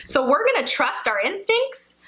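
A young woman, a birth educator, talking through a hands-on demonstration in an excited, laughing way, sometimes straining with effort. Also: high voice, normal speed, low-quality recording. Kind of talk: demonstration vlog.

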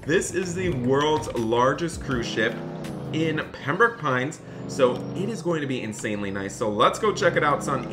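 A man playing a dad in an animated game roleplay, excitable and often scolding his son. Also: medium pitch.

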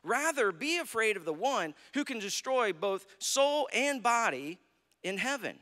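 A man's voice: high voice, very animated, unhurried, sharp tone. A man with an American accent preaching a sermon, telling a Bible story and acting out its quotes. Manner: storytelling preacher, acts out quotes, asks "right?". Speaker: pastor. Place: church sanctuary. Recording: long hall reverb.

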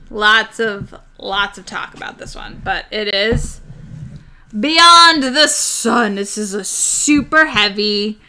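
Bright, excitable young woman streamer. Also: fairly high pitch. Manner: chatty, excitable, rambling with fillers. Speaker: board game streamer. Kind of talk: casual chat about board games.

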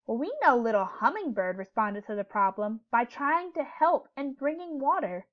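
Gentle teacher reading to young children. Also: female voice, fairly high pitch, lively intonation, normal speed, dull audio. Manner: clear, gentle teacherly questioning. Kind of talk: read-aloud lesson for young children.

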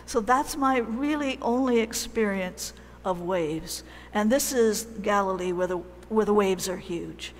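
A woman preaching a sermon in a church, telling the story in a conversational, animated way with pauses. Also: mid-range voice, in a large hall.

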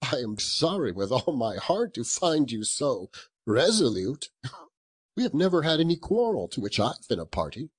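A man voicing a cheerful, earnest young nephew in a storybook reading, pleading with soft laughs. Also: medium pitch, very animated, normal speed, slightly rough, pitched above the performer's own voice. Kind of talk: audiobook character voice.

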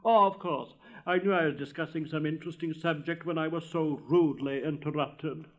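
A man's voice: fairly high pitch, brisk, a bit bright, highs cut off, lightly acted. A man voicing a vain, pompous male firework rocket with a haughty, theatrical manner. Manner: haughty, self-pitying, theatrical.

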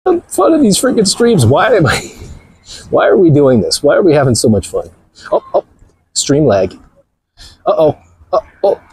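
A man's voice: on the high side, huge pitch swings, moderate pace, long pauses, a little mellow, slightly rough. A man hosting a livestream while walking outdoors near the ocean, talking in a mocking, playful way and laughing often. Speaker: livestream host. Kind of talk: joking livestream chatter.

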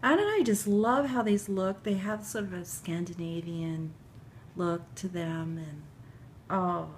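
Slow, gushing tearful woman. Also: fairly low pitch, vocal fry, a bit bright, slight background noise. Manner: gushing, tearful, often breathless and whispery. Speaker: vlogger unboxing handmade baby clothes. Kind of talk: emotional unboxing chat to camera.

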